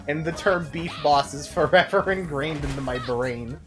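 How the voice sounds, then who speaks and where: A man's voice: fairly high pitch, normal speed, music in the background. A young man streaming a game, rambling through casual commentary with frequent swearing and laughs. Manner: rambling, profane, laughs often.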